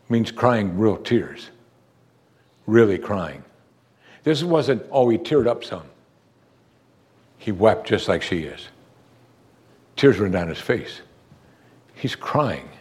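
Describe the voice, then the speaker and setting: A male pastor delivering a sermon in a voice of ordinary pitch. He talks to the congregation in an earnest, conversational way, pausing on rhetorical questions and sinking low and hushed whenever he wants a point to land. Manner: expressive, drops low and soft for emphasis, rhetorical questions.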